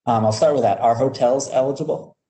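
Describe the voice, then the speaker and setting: A man's voice: medium pitch, a little fast, warm tone, low-quality recording. A man moderating a webinar, reading out viewers' questions in an affable way with many fillers.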